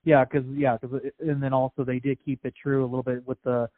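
A man's voice: mid-range voice, flat delivery, a little fast, no echo. A man co-hosting a podcast, casually recounting game and film history in a hesitant way with many fillers. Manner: fact-listing, hesitant with fillers. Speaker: podcast co-host. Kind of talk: casual movie review chat. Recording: dry, tinny phone-like sound.

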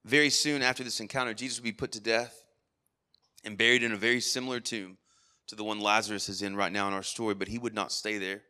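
A man's voice: lowish voice, fairly even intonation, quick pace, bright, forceful tone, smooth. A man preaching a sermon at a church worship service, earnest, with frequent rhetorical asides. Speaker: pastor.

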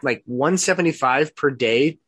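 A co-host chats and tells a story in a relaxed, easygoing way. The voice is mid-pitched and close to the mic. The sound is dry. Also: unhurried, husky, no room sound. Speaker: podcast co-host. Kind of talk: casual chat.

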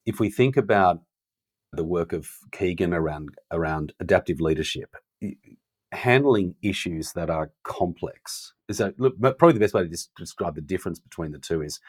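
A man's voice: low-pitched, breathy edge, dry recording. A middle-aged man, a leadership consultant telling stories conversationally and acting out quoted dialogue with animation. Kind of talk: conversational storytelling.

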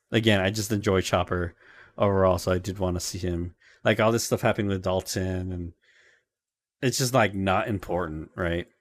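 A man co-hosting a podcast, recapping episodes in a rambling casual chat with lots of filler words and laughter. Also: low voice. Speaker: podcast co-host.

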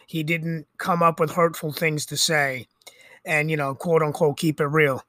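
A man's voice: fairly high pitch, little pitch movement, unhurried, sharp tone, no room sound, studio quality. A middle-aged man hosting a podcast, talking in a rambling, conversational monologue full of fillers and restarts. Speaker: podcast host. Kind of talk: casual monologue.

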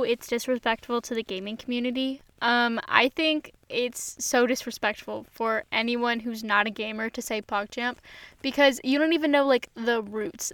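A young woman co-hosting a casual chat over a video call, agreeable and full of fillers and quick yeses. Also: a little high, fairly bright tone, no room sound. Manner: agreeable, lots of fillers and affirmations. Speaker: co-host.

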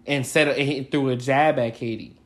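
A man's voice: mid-range voice, steady tone, moderate pace. Male podcast co-host, loose rambling sports talk, mid-range voice. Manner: rambling, lots of fillers and restarts. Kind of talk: casual sports chat.

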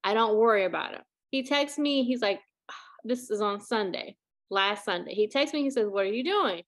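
A woman hosting a podcast, telling a story in casual chat, animated and acting out what people said. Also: medium pitch, normal speed. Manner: animated, acts out quotes, laughs often. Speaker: podcast host.

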